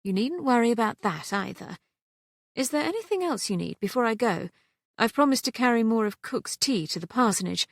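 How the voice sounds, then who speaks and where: A breezy young heiress , voiced by a woman narrator, brisk and teasing, with a slightly high voice. The reading is dry and close. She is kind and quick. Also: expressive, vocal fry, dry recording.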